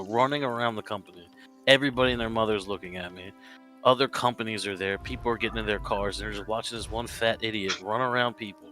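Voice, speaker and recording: A man with a low but bright, punchy voice chats casually on a game stream and tells funny stories. He swears freely and laughs at his own misery. Faint game music plays underneath. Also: fast talker. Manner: jokey storytelling, swears freely, laughs at himself. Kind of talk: casual chat.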